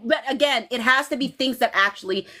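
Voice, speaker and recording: Lively, high-voiced woman hosting a fan chat. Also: a little fast. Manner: animated, laughs often, many restarts and okays. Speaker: livestream host.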